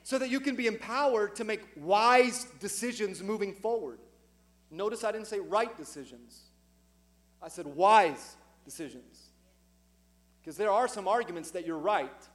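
A pastor delivering a sermon in a church sanctuary, his voice sitting high for a man. He is middle-aged and preaches emphatically, climbing louder on each key point. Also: normal speed.

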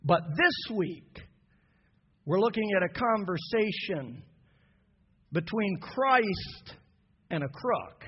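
A man preaching an impassioned sermon to his church, building from soft passages to shouted peaks. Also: high voice, animated, slow pace, long pauses, slightly rough. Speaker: pastor. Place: church sanctuary. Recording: dull lo-fi sound with long hall reverb.

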